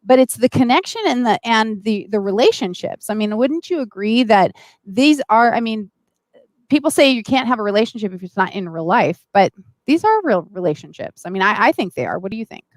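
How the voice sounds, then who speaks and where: Hosting a live-stream interview, a woman talks eagerly and enthusiastically, addressing her viewers directly. Her voice is a little high, animated, and brisk, captured in a dry recording.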